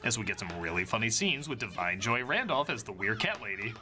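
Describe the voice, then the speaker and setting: Lively, wry young man reviewing a film. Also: on the low side, brisk. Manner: enthusiastic, wry. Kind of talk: scripted review narration. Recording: voice-over with faint music.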